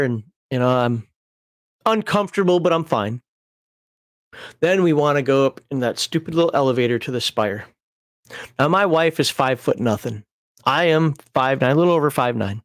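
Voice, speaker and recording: A man's voice: a little high, expressive, fairly quick, fairly bright tone, no echo, studio quality. A middle-aged man hosting, explaining game rules through a personal story, laughing at himself and restarting his sentences.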